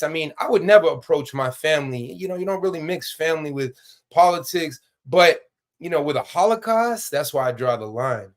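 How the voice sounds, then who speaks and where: A man with a somewhat high voice speaks as a guest on a political show. His talk is urgent and rallying. It is full of fillers and repeated words.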